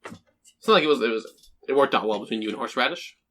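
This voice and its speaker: A man's voice: mid-range voice, animated, quick pace, fairly bright tone. A young man co-hosting a podcast, cracking dry, self-deprecating jokes. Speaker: podcast co-host. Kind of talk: casual chat.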